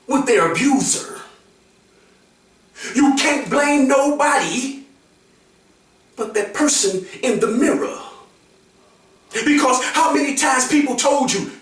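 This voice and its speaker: A man giving an impassioned motivational monologue, preachy and emphatic, repeating his phrases and often rising to a shout. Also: very high-pitched. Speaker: motivational speaker. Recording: very echoey room, voice far from the mic.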